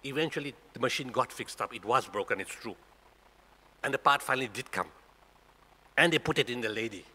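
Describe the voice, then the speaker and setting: In a reverberant mosque prayer hall, a South African man in his sixties, speaking with a South African accent, addresses the Friday congregation as a guest speaker and presses them with rhetorical questions. His mid-range voice is expressive, husky, pushed and bright. He moves briskly between long pauses.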